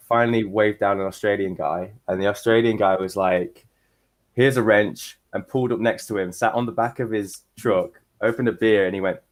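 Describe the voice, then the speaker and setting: A man with an English Midlands accent, hosting a casual chat, telling stories and swearing freely. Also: sits low. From England.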